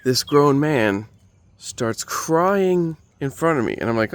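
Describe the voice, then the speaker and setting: Male comedian, digressive self-mocking storyteller; lively, animated pitch. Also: unhurried, slight background noise. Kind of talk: rambling comedic storytelling monologue.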